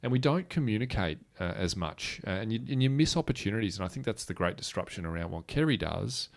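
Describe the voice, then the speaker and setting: A man's voice: lowish voice, expressive, fast, gravelly. An Australian man in his thirties, telling a story in a rambling way with restarts and fillers. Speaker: guest speaker. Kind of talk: conversational storytelling.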